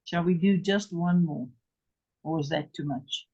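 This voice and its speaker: A woman's voice: fairly low pitch, measured pace, a little mellow, husky, highs cut off. An English woman teaching a language lesson, patiently repeating each word and spelling out its letters. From England. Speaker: Hebrew teacher.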